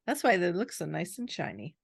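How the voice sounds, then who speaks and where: A woman's voice: fairly low pitch, sing-song, fairly quick, vocal fry, breathy edge, no room sound, studio quality. A woman co-hosting a casual chat podcast, quizzing her co-host with trivia and laughing often.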